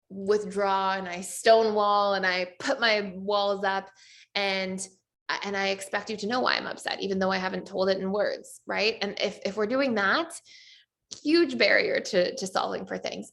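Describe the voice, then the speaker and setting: A woman's voice: medium pitch, fairly bright tone. A woman teaching a relationship class as a coach, talking conversationally and acting out short quotes. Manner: conversational, with many fillers and acted-out quotes.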